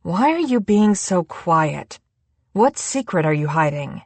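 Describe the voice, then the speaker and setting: A woman voicing a giddy, tipsy young adult chef in an audiobook, talking in a playful, animated way. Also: lowish voice, slow, dry recording, full character voice.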